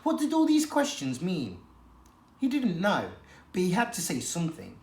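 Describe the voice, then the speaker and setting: A teacher reads a children's novel aloud with an expressive, dramatic storytelling manner. The pitch rises and falls a lot, the voice sits in a middle register, and the room has a noticeable echo. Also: normal speed. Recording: echoey room.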